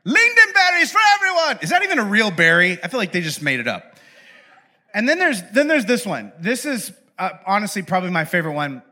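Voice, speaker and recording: A man's voice: high-pitched, sing-song, fairly quick, bright, forceful tone. A young adult man giving a casual, humorous sermon as pastor. He is chatty and playful and often interrupts himself.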